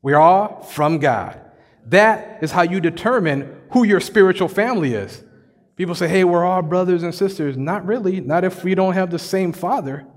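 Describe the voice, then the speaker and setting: A man preaches in a chatty, joking way, slipping into slang as he goes. His voice sits high for a man. The sound rings with the long reverb of a large church hall. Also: lively intonation, normal speed. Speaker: pastor. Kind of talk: sermon. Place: church sanctuary.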